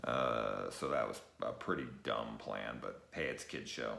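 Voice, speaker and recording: A young man giving a rambling, casual late-night review, tired, swearing often and filling pauses with ums and uhs. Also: a bass voice, gravelly, sharp tone. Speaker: show reviewer. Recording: echoey room.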